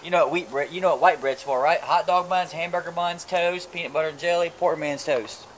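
A man's voice: a little high, fairly even intonation, a little fast, background noise. A man chatting casually while cooking outdoors at a grill, crude and joking, stumbling over his words. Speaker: cooking vlogger. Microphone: camera mic.

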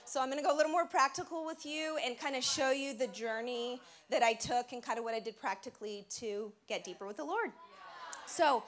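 A woman's voice: high-pitched, a bit bright. Bubbly woman sharing her testimony. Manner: bubbly, chatty, practical storytelling. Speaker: women's conference speaker. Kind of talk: personal testimony sermon. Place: church stage before a live audience.

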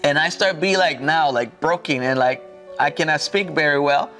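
A pastor from Mexico telling his testimony in halting, earnest English with a Mexican Spanish accent. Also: a little high, a bit bright, soft background music. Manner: earnest, halting non-native English with repeated restarts. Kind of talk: personal testimony in an interview.

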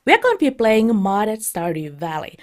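A woman hosting a let's play, chatting in a bubbly, excitable way as she starts a new game. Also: mid-range voice, moderate pace. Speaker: let's play streamer and host. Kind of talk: casual gameplay commentary.

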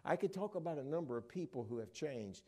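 A middle-aged man preaching a sermon in a church, telling stories and swinging from hushed to loud, excited delivery. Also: on the high side, fast. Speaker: traveling evangelist preacher. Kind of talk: sermon with storytelling. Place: church sanctuary at a conference. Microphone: wearing a microphone.

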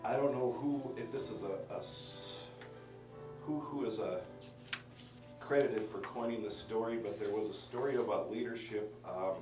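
A man preaching a Bible study sermon, lively and emphatic, asking the congregation questions and restarting his sentences. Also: mid-range voice, normal speed, over music. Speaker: pastor teaching a Bible study. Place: church hall. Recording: roomy live-stream audio from a distance.

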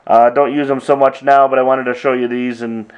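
A middle-aged man casually walking through his old drum machine sounds, talking in a relaxed, halting way with frequent pauses. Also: mid-range voice, clean tone, highs cut off. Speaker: drummer demonstrating gear. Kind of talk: casual demo walkthrough.

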